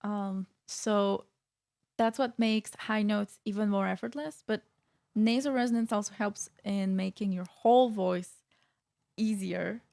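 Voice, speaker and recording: A woman's voice: mid-range voice, steady tone, measured pace, gravelly, mellow. A woman vocal coach explaining singing technique in a casual reaction video, with frequent fillers and restarts.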